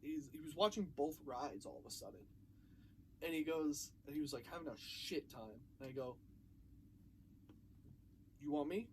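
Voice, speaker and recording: Young man, casual story, animated quoted voices, slightly high pitch, faint hum. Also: fairly quick. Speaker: podcast co-host.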